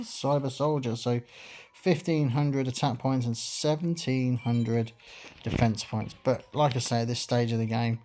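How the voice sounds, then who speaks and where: Guy doing let's play commentary, chatty and rambly, lots of ums, middle pitch voice. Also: darkish tone. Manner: rambling and chatty, many fillers. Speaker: gaming channel host.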